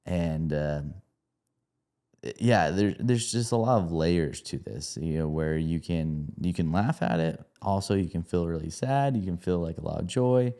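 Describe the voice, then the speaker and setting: Very deep, mellow-voiced man chatting casually. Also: a little slow. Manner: laughs often, rambling with many fillers. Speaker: podcast co-host, movie reviewer. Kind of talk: casual review chat.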